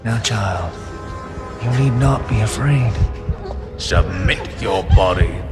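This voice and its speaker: An actor playing a menacing older male cult leader in a game, slow, solemn and commanding. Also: on the low side. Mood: soothing menace. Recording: game audio with reverb and loud music.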